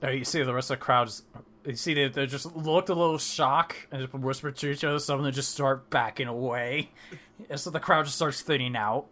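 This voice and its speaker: A man's voice: medium pitch, a little fast. A man running a tabletop game as dungeon master, narrating with lots of fillers and frequent laughter. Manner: animated, laughs often, filler-heavy.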